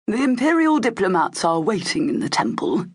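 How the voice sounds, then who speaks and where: A woman doing a brisk, formal male ambassador. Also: mid-range voice, big pitch swings, husky, voice pushed up. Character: impatient male ambassador, relieved diplomat.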